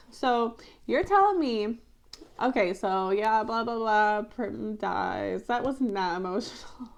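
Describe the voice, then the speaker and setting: A woman vlogger giving casual, animated commentary on a film adaptation, chatty and often exasperated, with lots of fillers. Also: fairly high pitch. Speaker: book-to-movie review vlogger.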